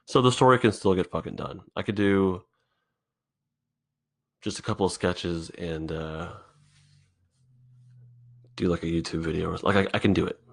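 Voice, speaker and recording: A man hosting a solo podcast, thinking out loud in a halting, rambling way, swearing often, recorded in an indoor room. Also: low-pitched, vocal fry. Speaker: podcast host.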